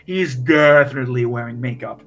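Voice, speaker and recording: A man's voice: medium pitch, a little fast, a bit bright. A man narrating as game master, rambling with many restarts. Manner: rambling, full of fillers and restarts.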